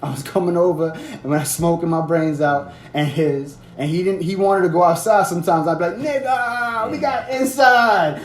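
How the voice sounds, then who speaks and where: High-voiced man telling a loose profane story. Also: steady tone, a little fast, few pauses, a little mellow. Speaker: podcast host. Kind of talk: casual podcast chat. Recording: roomy echo, faint background noise.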